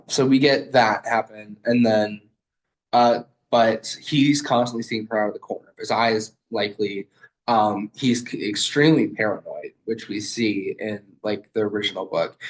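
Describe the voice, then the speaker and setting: A man's voice: on the low side, poor audio. A young man and student giving a casual, rambling literary video essay over a video call, with lots of fillers and swearing.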